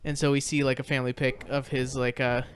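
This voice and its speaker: A man's voice: mid-range voice, level tone, fast, slight background noise. A man co-hosting a podcast, recapping a movie in casual chat, rambling with lots of fillers and restarts. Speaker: podcast co-host.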